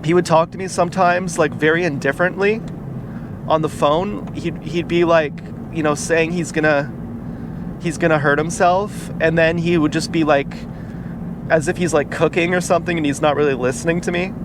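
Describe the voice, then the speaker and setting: A man telling a personal story in a casual vlog, rambling and halting, with many fillers and restarts. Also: on the high side, steady tone. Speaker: vlogger. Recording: noisy outdoor street recording. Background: car and street noise.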